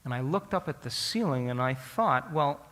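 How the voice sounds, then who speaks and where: Animated man lecturing in a reverberant hall. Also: medium pitch, normal speed. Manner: animated, asks the audience questions. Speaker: speaker addressing an audience. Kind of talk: storytelling lecture.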